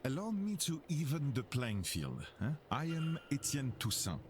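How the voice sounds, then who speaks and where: An actor playing a measured French debunker of mystics, speaking with a French accent. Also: male voice, mid-range voice, big pitch swings, a little hiss or hum, natural voice. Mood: probing. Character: suave older male French skeptic debunker.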